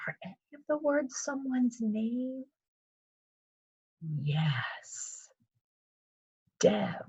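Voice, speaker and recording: A woman's voice: medium pitch, husky, muffled recording. A woman teaching kindergarten children in a recorded video lesson, talking patiently in a sing-song teacher voice and calling herself by her surname.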